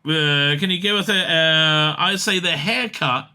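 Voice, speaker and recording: A man giving casual comic commentary on an interview, excitable and rambling, with many fillers and laughs. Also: a little high, measured pace, smooth.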